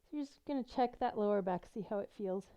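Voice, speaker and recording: A middle-aged woman teaching a beginner yoga class, guiding gently and encouragingly while she demonstrates the poses, a little out of breath. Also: medium pitch, fast talker, smooth. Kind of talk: guided yoga instruction.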